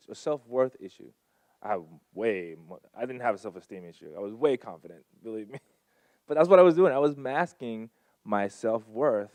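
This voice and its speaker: Speaking as a guest at a Sunday service, this earnest thirtysomething man shares his testimony through stacked, repeated short phrases. A handheld mic picks up his mid-pitched, somewhat dark voice closely, with no echo at all.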